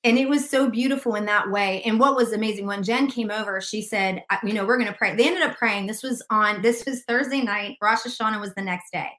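A woman guest sharing a faith testimony in casual conversation, an animated storyteller who laughs often. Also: mid-range voice, brisk, few pauses, echoey room.

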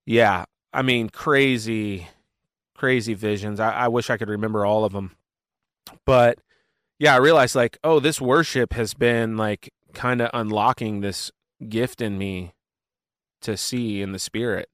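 A man being interviewed as a worship pastor, telling his story in a casual, animated way with plenty of fillers and quick asides. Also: fairly low pitch, smooth, no echo, studio quality.

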